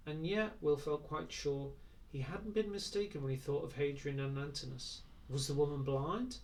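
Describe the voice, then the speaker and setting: A man reading a novel aloud in a measured, even way. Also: a little high, far from the mic. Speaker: audiobook reader.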